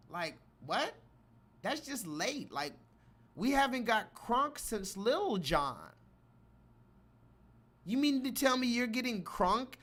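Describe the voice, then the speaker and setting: A man giving live reaction commentary, mocking and animated, often telling his chat what to type. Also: very high-pitched, takes it slowly, long pauses. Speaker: livestream commentator.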